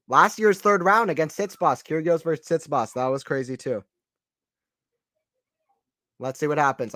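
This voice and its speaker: A man giving casual live play-by-play tennis commentary for a stream, chatty and excitable, often repeating himself and answering viewers. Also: mid-range voice, no echo. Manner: excited, chatty, repeats phrases, reads out chat.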